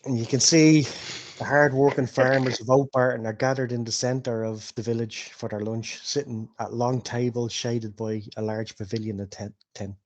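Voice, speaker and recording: A man leads a tabletop game as game master, describing scenes in a relaxed, jokey manner. His voice sits at an ordinary middle pitch. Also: moderate pace.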